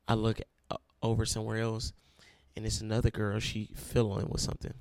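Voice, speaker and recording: A young man with a deep, gravelly voice shares his personal testimony, telling it earnestly like a story and repeating phrases for emphasis. He talks fast with a fairly even intonation. The recording is close and dry, with no room sound at all.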